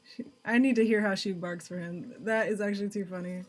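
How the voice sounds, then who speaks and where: A woman streaming a game playthrough, reacting excitably, swearing and laughing as she talks. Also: mid-range voice, a little fast. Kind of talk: casual playthrough commentary.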